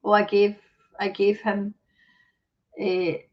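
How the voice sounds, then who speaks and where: A woman's voice: medium pitch, little pitch movement, slow. A woman hosting a live stream, ranting bluntly and swearing heavily while reading viewer comments. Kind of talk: casual ranting chat. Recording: dull lo-fi stream audio.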